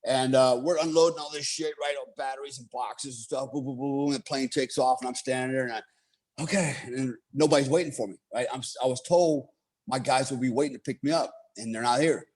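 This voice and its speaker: Animated man telling a story. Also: medium pitch, a little fast. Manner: animated, swears freely, laughs while telling. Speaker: military veteran telling war stories. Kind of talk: casual storytelling in an interview.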